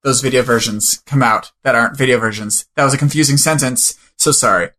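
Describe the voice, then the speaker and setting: A man's voice: medium pitch, a little fast, sharp tone. A man co-hosting a podcast in casual chat, joking around and stumbling and apologizing as he reads the show's sign-off. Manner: jokey, fumbles and apologizes through the read. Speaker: podcast co-host.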